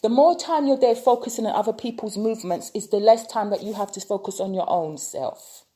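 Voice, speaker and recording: Speaking fairly quickly in a warm, medium-pitched voice, a UK tarot reader and vlogger airs her opinions in an impassioned rant. Rhetorical questions come up again and again.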